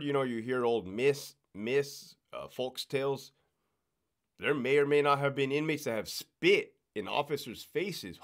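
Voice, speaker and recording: A man's voice: mid-range voice, unhurried. A man who worked as a correctional officer, chatting casually on a podcast. He talks bluntly, swears a lot and keeps checking in with "right?". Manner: blunt and profane, explaining rules with lots of swearing.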